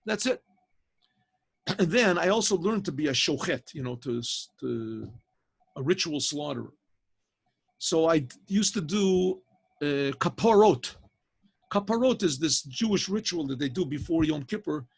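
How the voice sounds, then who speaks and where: A man, a rabbi, telling a story to a class in a lively spoken way, often clearing his throat and restarting. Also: on the high side, a little slow, pauses often. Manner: animated teller, frequent throat clearing and restarts. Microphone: video call.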